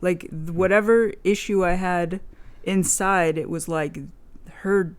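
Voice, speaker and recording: A young woman in relaxed conversation. She rambles, restarts, fills her speech with "like", and swears without thinking about it. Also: on the low side, a little slow, clear, resonant tone. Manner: rambling, swears a lot, many "like" fillers. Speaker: vlogger. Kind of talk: casual chat.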